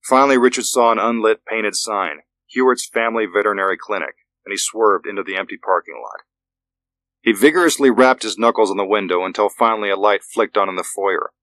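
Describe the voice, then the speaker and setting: A man narrating a thriller audiobook in a measured, steady way. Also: on the low side, dry recording.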